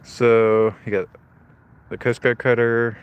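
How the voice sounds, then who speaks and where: A man's voice: mid-range voice, little pitch movement, slow, smooth, dull audio. A man live-streaming while walking outdoors on a snowy, windy night, chatting casually to his viewers and feeling the cold. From Central Florida. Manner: casual, rambling, talks to viewers. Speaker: vlogger. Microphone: handheld phone.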